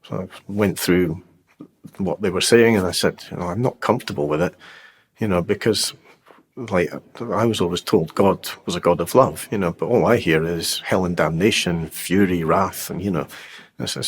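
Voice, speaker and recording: A man with a very low voice and a husky, slightly rough edge recounts his personal testimony. He talks reflectively and unhurriedly, leaning on fillers like "you know" and "um" as he gathers his thoughts. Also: moderate pace. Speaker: guest sharing a faith testimony. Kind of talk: personal storytelling.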